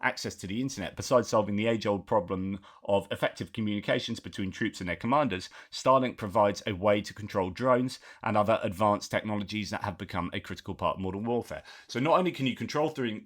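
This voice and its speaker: A man hosts a war news commentary, his voice sitting a little low. He reads articles aloud in an unhurried way, pausing for "uh" and breaking off into his own remarks before picking the text back up. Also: fairly bright tone. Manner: reads articles aloud with frequent asides and filler words.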